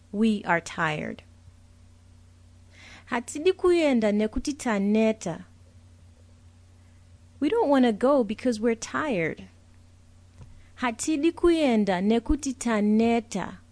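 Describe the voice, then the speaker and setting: A woman's voice: on the high side, no room sound. A young adult woman teaching vocabulary, saying each word carefully and repeating it with a translation. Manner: patient, clear, explains each word with a translation. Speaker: language teacher.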